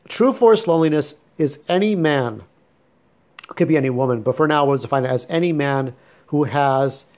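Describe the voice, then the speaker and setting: A man's voice: medium pitch, a little mellow. A man giving a blunt, bitter, profane late-night monologue at home. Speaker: vlogger.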